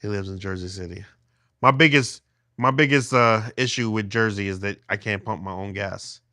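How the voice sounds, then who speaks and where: A man's voice: fairly low pitch, normal speed, bright, forceful tone, dry recording, clean studio sound. Chatty man livestreaming from his phone. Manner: rambling, many restarts, chatty with commenters. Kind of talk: casual livestream chat with viewers. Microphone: phone held in hand.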